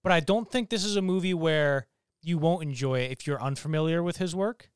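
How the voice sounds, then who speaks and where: A young man co-hosting a casual movie review chat, animated and quick with asides. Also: a little high, smooth, no room sound, studio quality. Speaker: podcast co-host.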